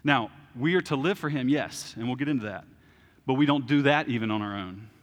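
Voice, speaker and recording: A man's voice: mid-range voice, a little fast. A male pastor preaching a conversational sermon in a church, informal and plain-spoken, checking in with "okay?" and joking at his own expense. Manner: informal and plain-spoken, with frequent "okay?" check-ins and self-deprecating humor. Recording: long reverb of a large hall.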